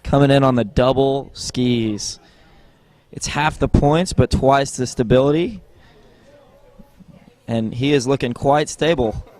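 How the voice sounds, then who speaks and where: A man's voice: mid-range voice, slow, long pauses, dry recording. A man giving joking live commentary on a water ski tournament, with a wry, teasing delivery. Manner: wry, teasing, deadpan jokes.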